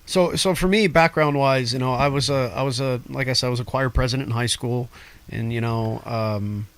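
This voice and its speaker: Male guest vocalist, mid-pitched, talkative and laughing easily; casual interview. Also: brisk, smooth. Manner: laughs often, animated and talkative.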